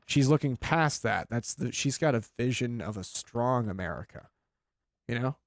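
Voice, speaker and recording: A man hosting a comedy podcast, chatting casually and riffing on jokes with quick tangents. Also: medium pitch, expressive, no room sound. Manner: rambling, joking, quick tangents. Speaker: podcast host.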